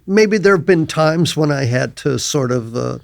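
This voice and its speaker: An older man talking as a guest in a casual podcast chat, thoughtful and halting, often trailing off quietly. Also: a little high, expressive, vocal fry, no echo, studio quality. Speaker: guest actor.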